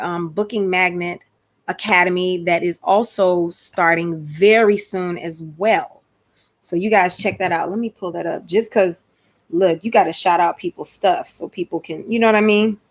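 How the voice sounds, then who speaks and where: A woman's voice: fairly low pitch, measured pace. A woman with a Georgia accent hosting a casual live stream, chatty and slangy. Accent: Georgia, US South. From Atlanta, USA. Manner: chatty, lively, slangy, exclamatory. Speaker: host.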